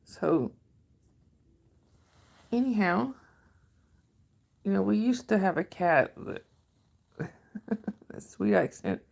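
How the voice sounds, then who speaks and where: A middle-aged woman from northern Georgia, speaking with a Southern drawl, hosts a casual livestream and answers viewer comments in a rambling, friendly way. Her mid-range voice is expressive and gravelly with a darkish tone, and she takes it slowly, leaving long pauses.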